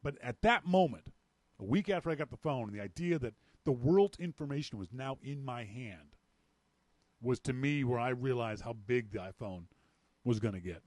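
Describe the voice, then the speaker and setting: A man from Canada hosting a podcast, telling a story in a casual, animated way and acting out the lines of people in it. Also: mid-range voice, moderate pace, no room sound. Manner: animated, acts out quoted dialogue. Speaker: podcast host.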